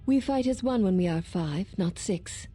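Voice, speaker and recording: An actress voicing a stern, formal female warrior in a video game, speaking in measured, solemn lines. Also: mid-range voice, animated, mellow, natural voice. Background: game music.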